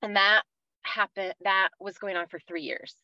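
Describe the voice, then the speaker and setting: Woman in her 30s from the east coast, earnest faith story on a podcast, lots of ums, crisp bright voice. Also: mid-range voice, steady tone, moderate pace, no echo, dull audio. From East Coast of the United States. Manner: earnest storytelling with many fillers, acting out quoted voices. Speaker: podcast guest. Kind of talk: personal faith story in an interview.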